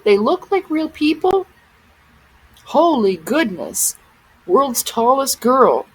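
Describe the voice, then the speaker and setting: A woman's voice: high-pitched, very animated, slow pace, husky, low-quality recording. A woman vlogger giving casual commentary on photos, often exclaiming in amazement.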